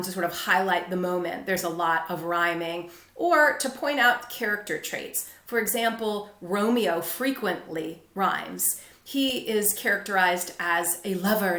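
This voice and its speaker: A woman teaching a literature lesson, explaining patiently and clearly. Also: mid-range voice, a bit bright, reverberant. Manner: clear, patient explaining, with brief read-aloud quotes.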